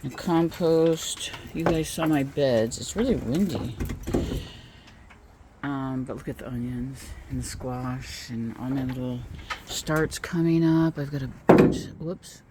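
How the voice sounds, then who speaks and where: A woman's voice: steady tone, slow, background noise. Chatty woman touring her home and garden. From California. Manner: chatty, rambling, talks to pets in a high sing-song. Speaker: vlogger. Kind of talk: casual home tour chat. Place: home and garden, indoors and outdoors. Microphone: phone held while filming.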